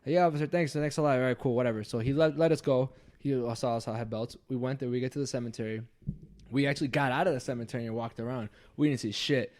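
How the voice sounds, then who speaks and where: The podcast host here is a young man with a medium-pitched voice and a quick pace, casually relating a ghost story. Lots of swearing, and he livens up when performing his friends' quotes.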